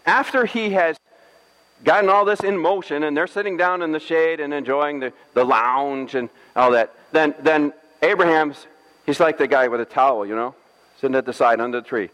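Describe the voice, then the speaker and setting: Pastor, male, high voice, playful storyteller, long church reverb. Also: normal speed, a bit bright. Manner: playful storytelling, acting out scripture with jokes. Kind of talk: sermon.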